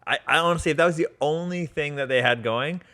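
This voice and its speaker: A young man co-hosting a casual podcast, chatting and tossing off quick jokes. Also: a little high, sharp tone. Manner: joking, quick wisecracks. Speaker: podcast co-host. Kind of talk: casual chat.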